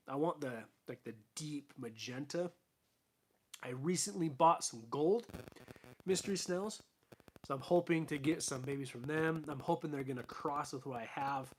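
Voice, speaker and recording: A young man talks casually to his stream viewers from his fish room at home, rambling through fillers and false starts. His voice sits a little higher than most men's and is starting to wear out and turn hoarse. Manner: rambling, chatty, fillers and restarts. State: losing his voice. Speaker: aquarium channel host. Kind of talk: casual live stream chat.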